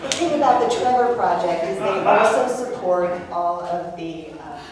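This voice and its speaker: A woman's voice: fairly low pitch, lively intonation, moderate pace. Chatty joking woman host, live on stage, crowd around her, echoey room. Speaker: podcast host. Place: theater stage before an audience. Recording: echoey room, far from mic, audience. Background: audience.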